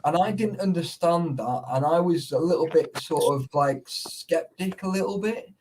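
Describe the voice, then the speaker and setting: Male host, slightly high voice, rambling casual live-stream storyteller with heavy fillers. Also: normal speed, a little mellow, slight background noise, rough recording. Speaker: urban explorer host.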